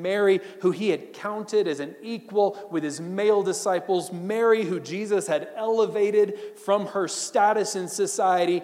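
A man preaching a sermon as a pastor, swinging from emphatic bursts to hushed, almost whispered moments. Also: sits high, big-room sound.

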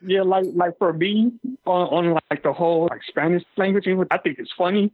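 A man with a slightly high, husky voice chatting on a podcast. He talks hesitantly with lots of fillers, and he comes through a tinny phone line. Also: moderate pace, no room sound. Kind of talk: casual chat.

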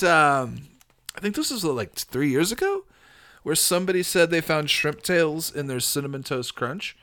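A man hosting a show, chatting casually and reacting with excited laughs and swearing as he types prompts. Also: a little high, moderate pace. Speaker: podcast host. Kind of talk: casual commentary while typing prompts.

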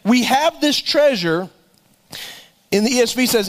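A man, a pastor, preaching a folksy, animated sermon, joking now and then and repeating words as he goes. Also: on the high side, moderate pace.

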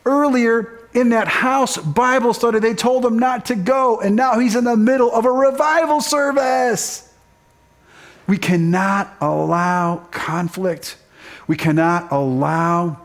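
A man preaching a sermon as a pastor, impassioned and rising, then quieter and earnest. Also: sits high.

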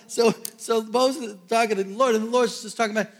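A man preaching a sermon to a congregation, telling a Bible story with lively asides and jokes. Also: very high voice, brisk, few pauses, in a large hall. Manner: animated storytelling, jokey asides. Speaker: pastor.

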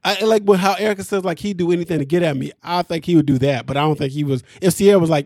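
A man hosting a podcast, recapping a reality show in casual, slangy talk, animated and laughing often. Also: a little high, quick pace, hardly any pauses, dry recording, studio quality.

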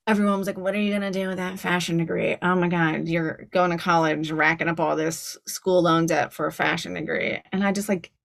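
A woman in her forties, telling stories as a guest in a casual podcast interview, chatty and quick to laugh. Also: lowish voice, creaky. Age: 40s. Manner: chatty, laughs often, storytelling. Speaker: guest style coach.

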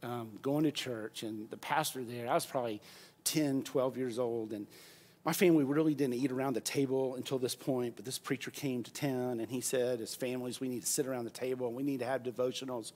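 A man preaching a sermon, moving from quiet storytelling to loud, shouted preaching and leading the congregation in call-and-response. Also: mid-range voice, steady tone, brisk. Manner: leads the congregation in repeating phrases. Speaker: pastor.

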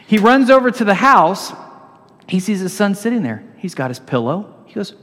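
High-voiced male pastor, animated storyteller, in a church with a long hall echo. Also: moderate pace. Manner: animated storytelling, swinging between loud and hushed. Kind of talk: sermon.

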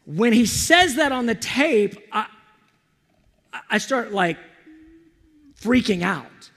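Male preacher, high and gravelly, animated storyteller. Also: slow, big-room sound. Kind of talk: storytelling sermon.

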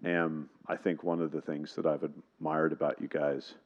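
A man's voice: very deep voice, flat delivery, normal speed, muffled recording. A man speaking casually in church, hesitant and searching as he poses a question to a guest preacher. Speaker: pastor introducing a guest. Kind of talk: church introduction.

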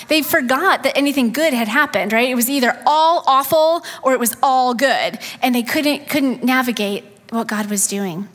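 A woman preaching a sermon in an earnest way, acting out quoted complaints and dropping into soft asides. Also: high voice, normal speed. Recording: long hall reverb.

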